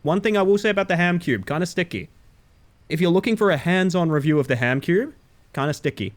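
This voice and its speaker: A man streaming a game live, chatting casually with his viewers in a playful, animated way and swearing freely. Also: a little high, fast. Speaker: livestreamer. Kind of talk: casual chat while gaming live.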